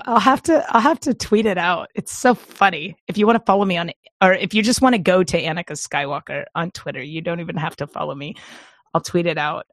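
A woman co-hosting a podcast, telling a long story in a rambling, animated way and breaking into laughter often. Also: medium pitch, dry recording, clean studio sound. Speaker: podcast co-host. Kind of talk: casual storytelling chat.

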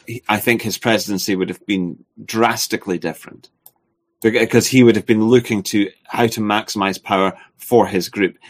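A man co-hosting a spoken discussion, talking in a halting way with many filler sounds and restarts. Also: fairly low pitch.

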